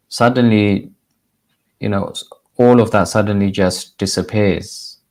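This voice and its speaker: A man who is a religious teacher, telling a moral story in a measured, deliberate sermon style. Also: low-pitched, creaky, a little mellow.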